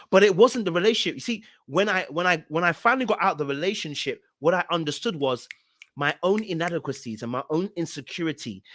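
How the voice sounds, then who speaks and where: Animated man telling a story. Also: a little high, dry recording, studio quality. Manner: animated, repeats phrases for emphasis, acts out his own past words. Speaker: podcast host. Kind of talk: storytelling talk.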